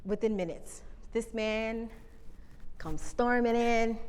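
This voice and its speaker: A woman communication coach telling lively stories from a stage, talking to the audience and asking them questions. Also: fairly high pitch, slow, clean tone. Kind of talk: live keynote storytelling. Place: stage before a live audience. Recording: reverberant hall, live talk.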